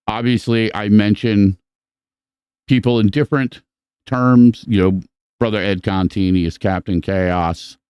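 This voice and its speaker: Male podcast host, casual and profane, rambling shout-outs, somewhat low voice. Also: fairly even intonation, a little slow, smooth, dry recording, studio quality. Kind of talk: casual live-stream chat.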